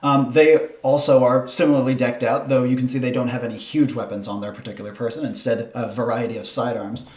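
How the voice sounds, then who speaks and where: A man's voice: mid-range voice, fairly even intonation, fairly quick, few pauses, a little mellow. Man narrating a tabletop game. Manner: descriptive, searching for words with many fillers. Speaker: game master. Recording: roomy echo.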